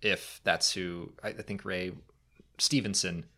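A man co-hosts a casual fan podcast with a somewhat low voice. He answers listener questions at length and breaks into quick, jokey impressions. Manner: animated, jumps into funny impressions. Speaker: podcast co-host.

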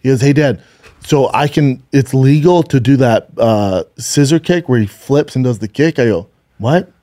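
A man in his forties co-hosting a casual podcast chat, telling a story in animated bursts and acting out the people in it with plenty of swearing. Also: mid-range voice, normal speed, no room sound. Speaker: podcast co-host.

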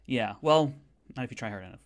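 A man co-hosting a podcast in casual chat, ribbing his partner and jumping into high squeaky jabs. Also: lively intonation, fast. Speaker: podcast co-host.

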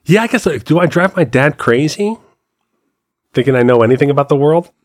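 A man's voice: fairly high pitch, lively intonation, brisk, dry recording, clean studio sound. A man in his forties telling stories in casual podcast chat, laughing often. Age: 40s. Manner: chatty storyteller, laughs often. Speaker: podcast co-host.

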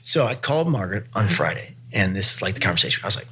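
Husky man telling a comic story. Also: lowish voice, rapid-fire. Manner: animated, acts out characters' voices. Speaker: podcast guest.

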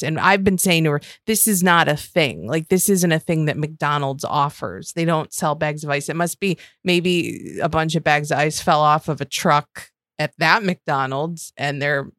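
A woman's voice: sits low, fairly bright tone, no echo, clean studio sound. A woman co-hosting a podcast, chatting casually and telling candid, profane stories. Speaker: podcast co-host. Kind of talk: casual chat.

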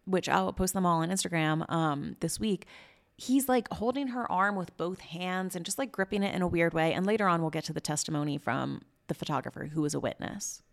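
Indignant, gravelly-voiced woman podcast host. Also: on the low side, brisk. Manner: indignant, sarcastic, swearing. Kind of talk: casual commentary.

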